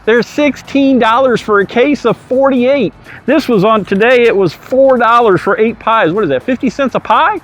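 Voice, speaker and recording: A man's voice: very high voice, moderate pace. An older man, a real estate agent, narrating a casual video tour in a folksy, chatty way outside a bakery. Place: outdoors in front of a bakery.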